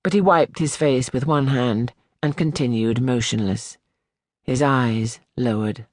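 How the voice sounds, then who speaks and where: A man narrating a classic novel as an audiobook in measured, expressive storytelling. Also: medium pitch. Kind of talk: scripted literary narration.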